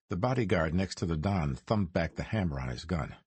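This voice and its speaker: A man narrating a crime noir audiobook in a measured storytelling manner. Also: low-pitched, expressive, darkish tone, slightly rough, dry recording.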